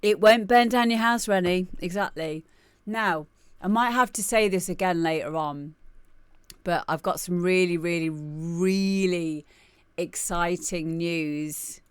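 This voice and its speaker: Woman, 30s, stream host; lowish, unhurried, chatty and giggly. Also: smooth, no echo. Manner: rambling, laughing, greets chat by name. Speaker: livestream host. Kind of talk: casual chat with live viewers.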